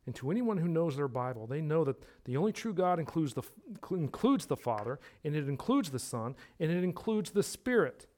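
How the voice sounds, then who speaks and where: A man with a fairly high voice preaching a sermon. He drives each point home by repeating words, dropping to a hush and then rising loud. His voice drifts nearer and farther from the mic. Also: big pitch swings, a little fast, hardly any pauses. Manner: emphatic preaching, repeats words for emphasis, swings between hushed and loud. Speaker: pastor.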